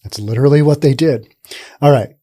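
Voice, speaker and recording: A man's voice: mid-range voice, a little fast, warm tone, slightly rough. A man hosting a news commentary show, talking casually and rambling with sarcastic asides.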